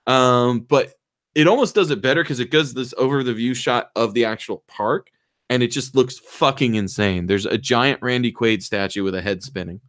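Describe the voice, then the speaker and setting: A man hosting a casual podcast, rambling through a movie plot and briefly mimicking the characters in quick voices. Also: medium pitch, a bit bright, no echo, clean studio sound. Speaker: podcast host.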